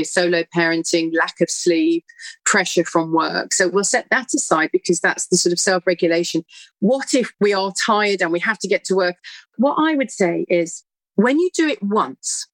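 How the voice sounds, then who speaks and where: A middle-aged woman, a guest telling stories in an earnest, animated way. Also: fairly low pitch, no echo. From United Kingdom. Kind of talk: conversational interview answer.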